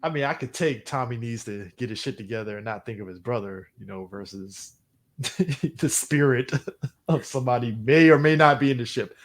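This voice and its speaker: A man's voice: mid-range voice, normal speed. A man co-hosting a podcast, talking casually and animatedly with slang and frequent laughs. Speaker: podcast co-host. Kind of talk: casual chat.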